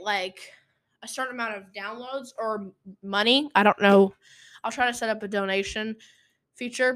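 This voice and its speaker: A woman's voice: mid-range voice, a bit bright. A teenage girl hosting a casual storytelling podcast from a room at home, rambling, apologizing and getting sidetracked. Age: teens. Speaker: podcast host.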